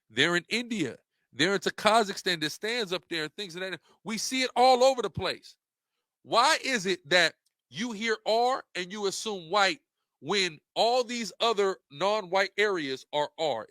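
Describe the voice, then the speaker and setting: Bright, emphatic man arguing over slides. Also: sits high, no echo, studio quality. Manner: rhetorical, repeats questions, emphatic. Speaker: religious debater presenting slides. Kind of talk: impassioned monologue.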